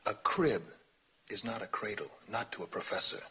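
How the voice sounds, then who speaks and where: A man's voice: on the low side, normal speed, sharp tone, full character voice. An actor playing a suave, confident male master thief who talks in a wry, teasing way. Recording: muffled 1960s TV soundtrack with clear hiss.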